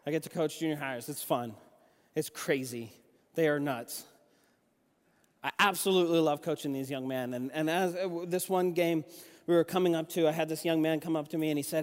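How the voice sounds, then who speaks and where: Man preaching with animated stories, hall reverb. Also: a little high, a little fast. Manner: conversational, animated storytelling with restarts. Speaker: youth pastor and junior high basketball coach. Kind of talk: sermon with personal stories.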